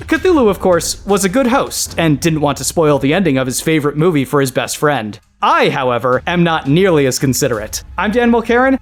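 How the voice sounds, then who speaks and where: A man hosting a comedy podcast, reading a scripted comic story with playful dry asides. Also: a little high. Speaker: podcast host.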